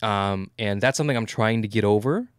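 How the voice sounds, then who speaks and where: A man co-hosting a podcast in casual chat, talking fast and stammering, animated and swearing freely. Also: on the low side, smooth, no room sound, studio quality. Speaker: podcast co-host.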